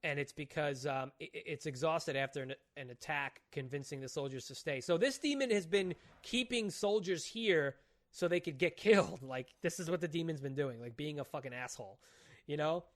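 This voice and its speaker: Excitable profane man recapping comics. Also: on the high side, normal speed. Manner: excitable, profane, retells plots at length. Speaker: podcast co-host. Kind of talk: casual chat.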